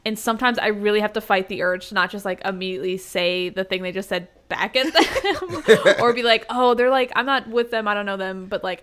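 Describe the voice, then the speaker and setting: A woman comedian in casual podcast chat, talking in a lively, chatty way full of "like.". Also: mid-range voice.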